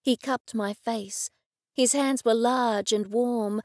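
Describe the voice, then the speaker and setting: Woman narrating with a gravelly, close sound. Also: on the high side, fairly even intonation, takes it slowly, darkish tone, no room sound. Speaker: audiobook narrator. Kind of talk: first-person audiobook narration.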